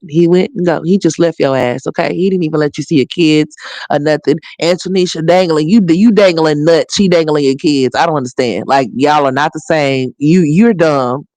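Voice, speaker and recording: A woman hosting a livestream, giving blunt, profane commentary and scolding directly, her voice hoarse. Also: sits low, darkish tone, no room sound. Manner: blunt, scolding, profane, talks straight to viewers.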